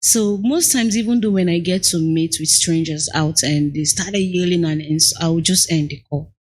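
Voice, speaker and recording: A woman's voice: lowish voice, moderate pace, a little mellow, slightly rough. A young adult woman with a Nigerian accent, talking candidly as an interview guest about her business. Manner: candid and earnest, acts out clients' lines. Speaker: guest entrepreneur. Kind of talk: conversational interview.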